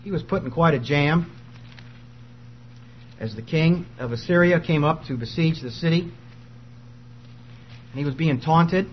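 A man's voice: fairly high pitch, measured pace, pauses often, muffled recording, a little hiss or hum. A man preaching an earnest, emphatic sermon and reading scripture aloud.

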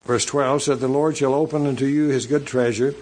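Man, preacher, sermon, middle pitch, measured halting delivery, scripture reading. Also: fairly even intonation, a little mellow, poor audio. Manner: measured, halting delivery with repeated words and asides.

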